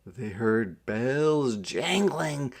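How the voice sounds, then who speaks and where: A man reading a children's picture book aloud in a measured narrating style. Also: mid-range voice, lively intonation. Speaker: storybook reader.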